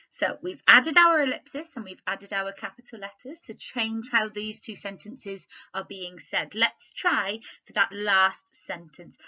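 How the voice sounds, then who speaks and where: A woman primary school teacher giving a recorded home-learning literacy lesson, speaking clearly and expressively and putting questions and prompts to her pupils. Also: medium pitch, unhurried, few pauses, pushed and bright, highs cut off. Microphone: laptop.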